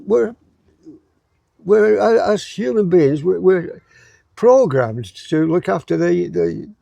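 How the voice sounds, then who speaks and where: A man's voice: high voice, expressive, slow, vocal fry, dark tone, no room sound. A man, a guest in a casual chat who repeats words while he finds them. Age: 80s.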